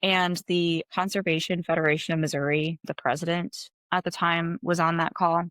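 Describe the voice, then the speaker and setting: A woman's voice: fairly low pitch, flat delivery, moderate pace, fairly bright tone, no echo. A woman from Wisconsin in her thirties, a guest chatting casually in an interview, laid-back and full of "like" fillers.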